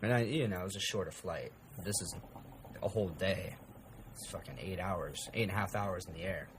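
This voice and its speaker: A man's voice: sits low, brisk, background noise. A man hosting a podcast in casual chat, rambling and joking, swearing freely. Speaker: podcast host.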